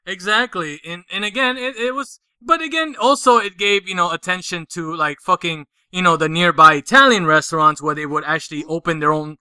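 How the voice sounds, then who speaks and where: A man's voice: sits high, brisk, hardly any pauses, pushed and bright, smooth, dry recording. Crude, joking New man. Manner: crude, joking, swears a lot. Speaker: podcast co-host. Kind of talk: casual chat.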